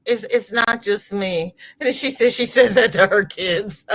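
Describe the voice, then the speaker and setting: A woman with a mid-range voice runs a crochet livestream, talking a little slowly over slight background noise. She reads viewers' comments out loud, chats casually, and laughs often in an expressive way.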